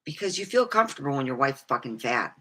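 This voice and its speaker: A woman's voice: extremely low pitch, big pitch swings, fast, pushed and bright, husky. A middle-aged woman vlogging candidly about her life, rambling and swearing freely. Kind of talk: personal storytelling monologue.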